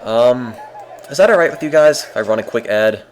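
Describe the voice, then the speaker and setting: A man streaming a game with casual, deadpan, self-mocking commentary. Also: medium pitch, fairly quick, a little hiss or hum.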